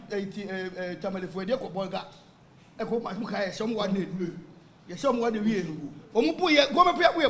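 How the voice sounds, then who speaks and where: High-pitched Ghanaian man, fired up. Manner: mixes Twi and English, animated and emphatic. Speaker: football supporter. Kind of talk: impassioned radio talk.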